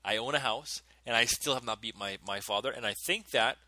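A man in his thirties, a podcast co-host, telling stories in an animated way and laughing often. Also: mid-range voice, fairly quick, no room sound. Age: 30s. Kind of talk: casual chat.

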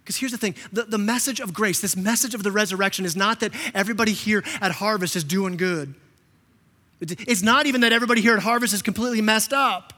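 A man preaching a sermon as pastor, impassioned, often repeating words and acting out quotes in a softer voice. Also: high voice, quick pace. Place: church sanctuary. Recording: long reverb of a church hall.

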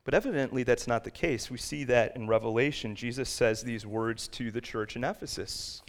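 A pastor preaches to his church in a mid-range male voice. He talks plainly through the passage, then pushes up in pitch and volume whenever he reads a verse or drives a point home. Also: normal speed. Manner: rises to loud emphatic peaks when reading scripture and quotes. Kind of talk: sermon. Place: church sanctuary.

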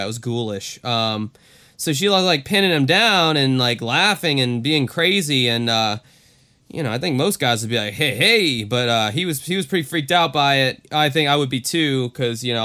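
A man's voice: mid-range voice, moderate pace, pushed and bright. A man co-hosting a podcast in casual chat, rambling with lots of "like" and fillers. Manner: rambling, filler-heavy, often says "like". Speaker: podcast co-host. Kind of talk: casual chat recapping a TV episode.

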